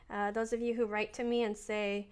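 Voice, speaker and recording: A woman piano teacher talking through her practice in a relaxed, chatty way, thinking aloud as she plays. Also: medium pitch, moderate pace, clear, resonant tone. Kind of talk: casual piano practice lesson. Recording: voice over loud piano playing. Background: piano playing.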